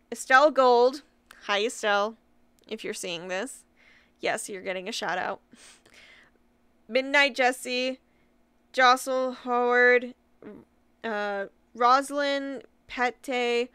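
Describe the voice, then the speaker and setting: A young woman vlogging casually, giggling and stumbling over names as she reads out shout-outs, often apologizing. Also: fairly high pitch, clean tone, no room sound. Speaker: YouTuber.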